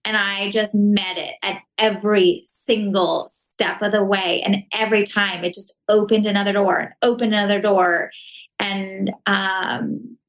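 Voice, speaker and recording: Slow-talking woman in earnest conversation. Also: mid-range voice, little pitch movement, poor audio. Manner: earnest, reflective, many fillers. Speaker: podcast guest. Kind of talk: casual conversation.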